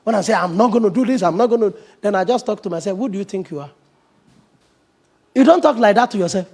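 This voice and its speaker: A middle-aged man, a pastor, preaching an animated sermon, acting out quoted voices and laughing often. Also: high-pitched, rapid-fire, breathy edge.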